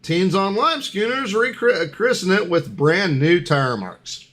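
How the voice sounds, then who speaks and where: A man's voice: high voice, expressive, takes it slowly, fairly bright tone. Playful man hosting a headline game. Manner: playful, announcer-like, stumbles over headlines. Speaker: game host on a live talk show. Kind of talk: casual live show chat.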